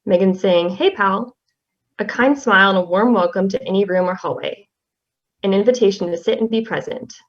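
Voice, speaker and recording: The class representative, a young woman, delivers a tribute poem quietly and hesitantly, pausing with fillers between phrases. She speaks at a middle pitch, and the sound quality is somewhat dull and low-fidelity.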